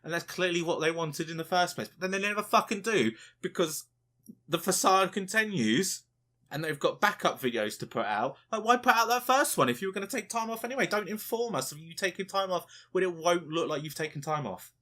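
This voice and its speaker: Ranting man, bright voice. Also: sits high, a little fast. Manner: animated ranting, swears a lot, mimics people in quotes. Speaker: podcast co-host. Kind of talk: casual podcast rant.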